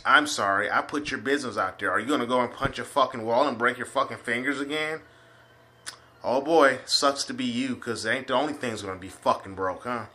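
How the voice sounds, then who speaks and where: A man's voice: fairly low pitch, pushed and bright. A man ranting at his enemies in a webcam vlog, confrontational and full of swearing. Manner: profane, confrontational, repetitive. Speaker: vlogger. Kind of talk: angry webcam rant.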